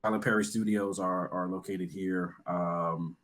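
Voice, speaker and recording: A man from Georgia, a guest player, chatting in a relaxed and hesitant way with many fillers. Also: deep voice, measured pace, background noise. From Georgia, USA. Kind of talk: casual chat.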